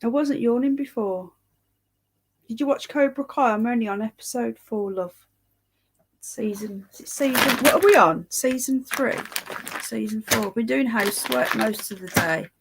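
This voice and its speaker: A woman's voice: a little high, normal speed, creaky, slight background noise. A tired, yawning woman hosts a casual livestream, rambling chattily, greeting viewers by name and swearing now and then. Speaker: livestream host reading live chat.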